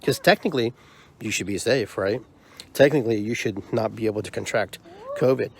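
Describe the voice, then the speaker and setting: A man's voice: on the low side, brisk, gravelly, a little hiss or hum. A man hosting his own podcast, delivering a heated, frustrated monologue full of repeated rhetorical questions. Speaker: podcast host and drum circle leader.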